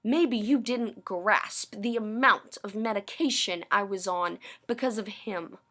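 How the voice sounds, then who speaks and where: A woman's voice: mid-range voice, unhurried, a bit bright. A woman ranting to camera in a personal vlog, bitter and sarcastic, swearing often. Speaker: vlogger. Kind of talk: angry personal rant.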